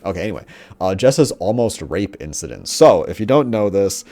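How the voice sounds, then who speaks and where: A young man giving rambling, profane, mocking commentary, often putting on quick voices of characters. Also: low voice, lively intonation, dark tone, soft background music. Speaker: commentator on a TV show. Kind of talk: casual ranting commentary.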